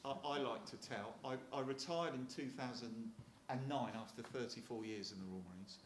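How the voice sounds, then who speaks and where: A man's voice: medium pitch, moderate pace, roomy sound, a little hiss or hum. Older Hampshire man telling stories. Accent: Hampshire English. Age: 60s. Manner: chatty storyteller with frequent restarts and chuckles. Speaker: retired Royal Marine speaker. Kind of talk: anecdotal talk to an audience.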